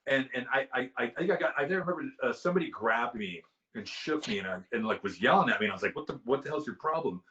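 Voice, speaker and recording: A man in his fifties telling a wild story in casual chat on a video call, animated and excitable. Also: mid-range voice, fast, few pauses, lo-fi sound. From California. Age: 50s. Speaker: guest musician.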